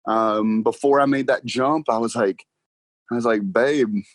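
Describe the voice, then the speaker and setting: The young car salesman, a podcast guest, tells animated stories in a casual interview, acting out conversations and laughing often. His mid-range voice is unhurried, with no room sound.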